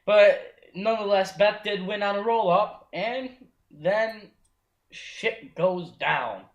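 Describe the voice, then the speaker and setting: A man's voice: high voice, slow, muffled recording. A young man hosting a casual podcast, leading the rundown in a laid-back way. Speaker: podcast host. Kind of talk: casual chat recapping wrestling. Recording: echoey room.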